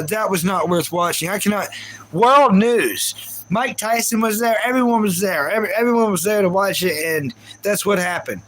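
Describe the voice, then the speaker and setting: High-voiced ranting male streamer. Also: a little hiss or hum, poor audio. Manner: ranting, repeats himself, talks to chat viewers. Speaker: livestream host. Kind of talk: casual live reaction chat.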